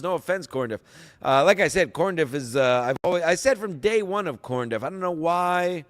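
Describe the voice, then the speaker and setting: A male podcast host who rambles in casual chat, sarcastic and often profane. His voice sits a little high for a man, and a long reverb trails behind it. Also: lively intonation, moderate pace.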